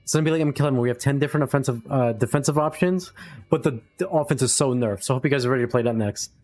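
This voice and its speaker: A man hosting a casual podcast, his words tumbling out at a brisk clip. He keeps pushing back with exasperated, incredulous questions. His pitch sits in an ordinary middle range. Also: a little mellow, soft background music. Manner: rapid, exasperated complaining. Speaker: podcast host. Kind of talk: casual gaming podcast chat.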